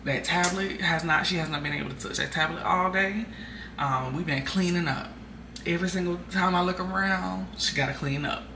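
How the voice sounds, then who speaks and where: Young woman vlogger, casual and chatty; recorded from a distance in a roomy space with steady background noise. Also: fairly low pitch, normal speed. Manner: chatty, venting with frequent fillers. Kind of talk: casual chat.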